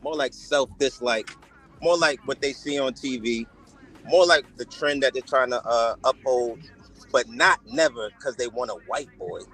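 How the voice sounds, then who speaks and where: A man's voice: mid-range voice, a little slow, fairly bright tone, soft background music. A man dismissing an argument as nonsense in a heated casual panel debate. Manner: dismissive, incredulous.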